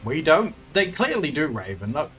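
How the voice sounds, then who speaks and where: A man's voice: fairly high pitch, very animated, moderate pace, fairly bright tone, faint music behind. A man chatting casually while streaming his art, rambling and laughing often. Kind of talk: casual live-stream chat.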